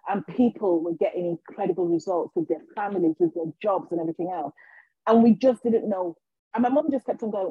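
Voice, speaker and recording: Husky woman telling her story, lots of restarts and acted-out quotes, dull dry recording. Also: mid-range voice, fast, dry recording. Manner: animated, acts out quotes, frequent restarts. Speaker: podcast guest, healer. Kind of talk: casual storytelling in an interview.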